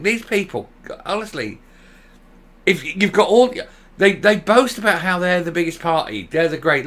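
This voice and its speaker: A man delivers an opinionated political vlog with sarcasm and exasperation, breaking into mocking asides. His pitch moves a lot, and his tone is bright and forceful. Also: lively intonation, normal speed. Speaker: political commentator.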